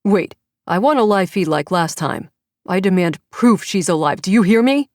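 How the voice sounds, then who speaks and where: A woman doing a tense, steady former agent. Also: lowish voice, moderate pace, no room sound, close to an everyday voice. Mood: urgent. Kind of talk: audiobook character reading.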